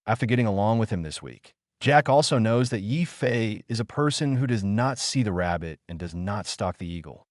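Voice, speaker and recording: A man reads an audiobook in steady scripted narration. His voice sits low but swings widely in pitch. The recording is dry and close, with no room sound. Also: moderate pace, few pauses, no echo.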